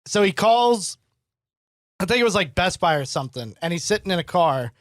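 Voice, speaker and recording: A man in his twenties co-hosting a podcast, chatting casually and telling animated, profane stories. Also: high voice, fairly quick, dry recording, studio quality. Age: 20s. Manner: animated storyteller, swears freely. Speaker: podcast co-host. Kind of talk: casual chat.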